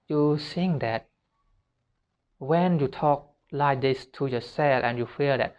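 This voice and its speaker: Slow, earnest self-help speaker, man. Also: medium pitch, highs cut off. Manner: earnest, repetitive, simple non-native phrasing. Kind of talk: motivational talk.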